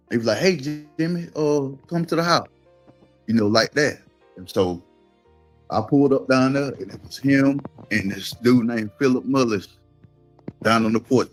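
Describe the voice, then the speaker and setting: A man with a Georgia drawl talks through a long personal story in a low, easy voice, slipping into the voices of the people he quotes. Soft music sits faintly behind him. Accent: Southern US, Georgia. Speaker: guest telling his story. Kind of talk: casual storytelling.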